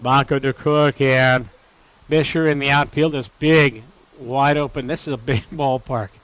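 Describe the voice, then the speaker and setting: A man calling college baseball play-by-play, steady and informative, lifting his voice sharply on big plays. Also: mid-range voice, a little slow, no echo, rough recording. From Upper Midwest US. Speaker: play-by-play announcer.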